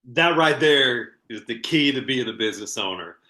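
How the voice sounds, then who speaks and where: A man with a bright, forceful voice hosts a coaching call and hands out advice in an easygoing, encouraging way. His audio has a noticeable room echo, as if he sits in a bare room in front of the laptop. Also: mid-range voice, expressive, normal speed. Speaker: host of a business coaching call. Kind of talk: coaching chat on a video call. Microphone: video call.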